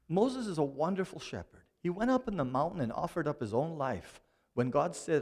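A male pastor delivering a sermon with a lively, swooping delivery. His voice sits a bit high for a man. He often sinks to near-quiet for emphasis before lifting again. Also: a little fast. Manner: animated preaching with sudden quiet drops.

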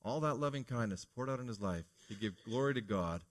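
A male pastor delivering a Sunday morning sermon in an earnest, preacherly way. He poses rhetorical questions to the congregation and leans on key phrases. His voice sits at an ordinary middle pitch for a man. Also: lively intonation, fairly quick.

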